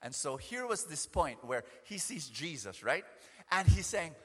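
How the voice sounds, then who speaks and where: A man preaching a sermon, animated, acting out scenes and often restarting his sentences. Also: fairly high pitch, unhurried, breathy edge, big-room sound.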